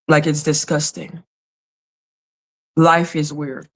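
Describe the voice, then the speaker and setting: A woman's voice: lowish voice, fairly even intonation, takes it slowly, long pauses. A woman hosting a casual livestream, talking to her chat in an emotional, openly apologetic way and swearing freely. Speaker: livestream host reading chat.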